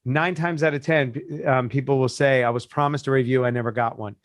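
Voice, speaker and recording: A man's voice: medium pitch, brisk, no room sound. Guy coach telling stories on a podcast, does the voices of people he quotes, dry sound. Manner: animated storyteller, acts out quoted voices. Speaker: business coach. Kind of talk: casual podcast chat.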